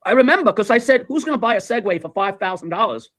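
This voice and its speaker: Male streamer, high-pitched and bright, swearing and telling stories in a dry, close sound. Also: fast talker, no echo. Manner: animated, profane storyteller who repeats himself. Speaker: livestream host. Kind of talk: casual chat.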